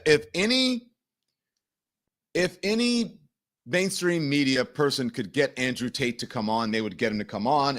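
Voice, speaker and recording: A man hosting a live news show and commenting on the day's stories. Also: medium pitch. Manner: animated, mimics people in quoted voices. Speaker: show host.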